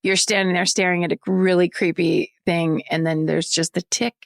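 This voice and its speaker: A woman's voice: fairly low pitch, little pitch movement, gravelly, no echo. Joking woman co-host, dry close sound. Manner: joking, quick reactions, playful riffs. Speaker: podcast co-host. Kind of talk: casual comedic chat.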